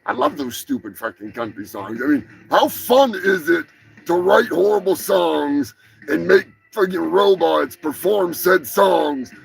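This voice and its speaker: A man's voice: a little high, sing-song, unhurried, gravelly. A man hosting a comedic live show, rambling and swearing freely. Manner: profane, rambling. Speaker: host.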